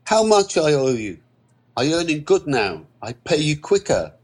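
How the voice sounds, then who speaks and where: A nervous, stammering man speaking halting broken English, his voice pitched up above a plain reading tone, as a storyteller puts him on. He stumbles over his words and sounds unsure of himself. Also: sing-song, a little mellow, husky, exaggerated voice. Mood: alarmed. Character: anxious male newcomer, hesitant, broken English.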